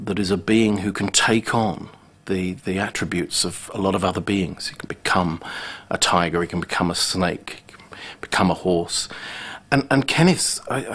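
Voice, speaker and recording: A man speaking in a documentary interview, reflective and pausing to find his words. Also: on the low side, a bit bright, slightly rough. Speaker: commentator.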